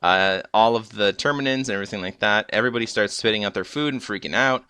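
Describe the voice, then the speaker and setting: A man's voice: on the low side, quick pace, pushed and bright, clean tone, dry recording, clean studio sound. A young man casually recapping a TV episode, rambling with lots of fillers and restarts. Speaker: episode reviewer.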